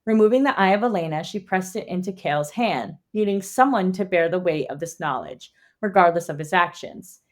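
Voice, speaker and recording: A woman co-hosting a book club podcast, reading a plot summary and then chatting in an animated way, laughing and swearing. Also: lowish voice, brisk, few pauses. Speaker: podcast co-host. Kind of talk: read summary and casual book chat.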